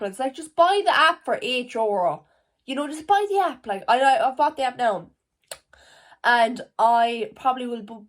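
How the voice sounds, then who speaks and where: A teenage girl from Ireland, rambling to camera at home in a casual vlog, full of "like" and swearing. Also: sits high. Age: teens. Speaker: vlogger. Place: at home, indoors. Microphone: camera facing her.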